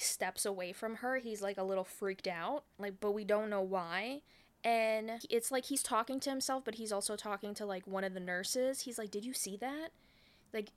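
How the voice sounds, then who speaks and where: A woman in casual podcast chat, walking a friend through a film's plot scene by scene. Her voice sits at a middle pitch, and she keeps acting out what each character says, with a steady stream of "like" fillers. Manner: animated retelling with many "like" fillers, acting out lines. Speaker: podcast co-host recapping a film.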